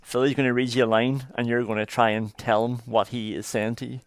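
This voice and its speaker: A man co-hosting a podcast, upbeat, quick to praise and run the game. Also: medium pitch, level tone, clean tone, no echo. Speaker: podcast co-host. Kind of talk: casual hosting chat. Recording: dry close studio sound.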